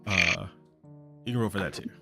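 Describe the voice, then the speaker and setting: A man's voice: low-pitched, normal speed, vocal fry. A man narrating as game master of a tabletop game, hesitant with many ums and uhs. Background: guitar music.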